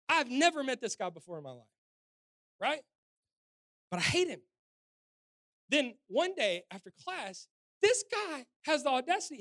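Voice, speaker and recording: A man in his forties, a pastor telling a personal story in a sermon, animated and swinging between loud and soft. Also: extremely high pitch, no echo.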